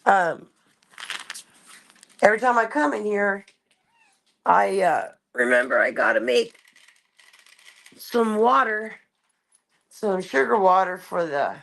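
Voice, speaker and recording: A woman's voice: medium pitch, creaky, fairly bright tone. A woman chatting casually on a late-night live stream from home, rambling and stopping to talk to her cat. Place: home, kitchen.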